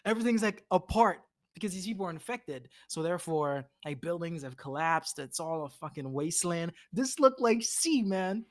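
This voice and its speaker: Excitable man chatting, acting out scenes. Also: on the high side, normal speed, few pauses. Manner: excitable, acts out scenes in a raised voice, swears, laughs. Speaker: podcast co-host. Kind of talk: casual chat.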